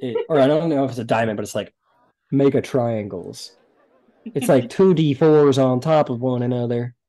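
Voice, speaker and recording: A man's voice: medium pitch, moderate pace, mellow. A man narrating as game master of a tabletop game in a casual, explanatory, rambling way.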